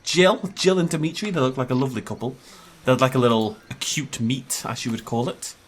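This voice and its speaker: Man, gameplay commentary, animated pitch, jokey and chatty, laughs a lot. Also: a little fast. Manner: chatty, joking, laughs often. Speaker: gaming YouTuber.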